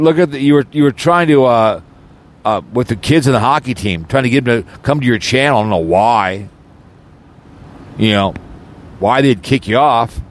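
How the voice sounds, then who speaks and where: A man delivers an angry, rambling audio rant with a mid-range voice. He loops back over his words, restarts sentences and slips into mocking sarcasm. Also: medium pitch. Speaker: channel host. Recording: audio recording, no video.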